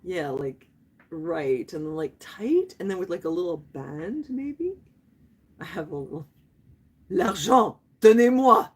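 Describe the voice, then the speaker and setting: A woman's voice: sits low, sing-song, measured pace, dark tone, slight background noise. A woman around fifty chatting playfully with viewers on a livestream, laughing often and dropping in French phrases. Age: 50s. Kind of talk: casual live chat.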